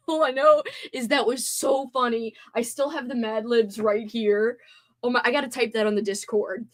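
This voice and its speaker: A woman's voice: fairly high pitch, fairly even intonation, moderate pace. A young woman hosting a livestream, bubbly and giggly as she chats with viewers, still tired after a sleepover. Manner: bubbly, giggly, reacts to chat. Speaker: livestream host. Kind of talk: casual livestream chat.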